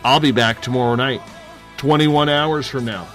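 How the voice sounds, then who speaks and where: A man hosting a radio talk show. He speaks in a brisk, announcer-like way as he reads questions and wraps up the show. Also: mid-range voice, steady tone, fairly bright tone, faint music behind.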